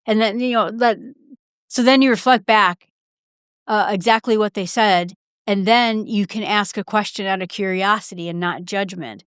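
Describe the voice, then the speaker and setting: Woman, casual podcast chat, chatty and animated, smooth tone, dry sound. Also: medium pitch, no echo. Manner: chatty, quick asides with fillers and restarts; acts out short quoted exchanges in her own voice. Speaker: podcast host. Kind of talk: casual solo podcast talk.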